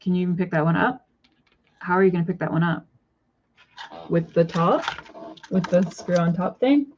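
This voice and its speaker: A woman's voice: on the low side, moderate pace, a little mellow, slight background noise. Stoned woman vlogger, rambling casual talk, raised sing-song scolding for her pets, dull lo-fi audio.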